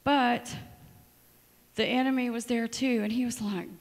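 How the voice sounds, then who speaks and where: A woman's voice: a little high, unhurried, pauses often, in a large hall. A woman preaching a sermon in a church, telling stories with dramatic asides. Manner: storytelling, lively and dramatic asides. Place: church sanctuary.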